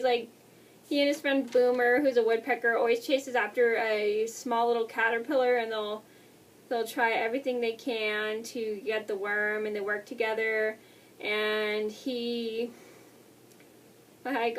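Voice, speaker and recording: A woman in her twenties chatting through a casual movie review, talking fast with restarts and apologies. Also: on the high side, flat delivery, far from the mic. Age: 20s. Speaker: vlogger.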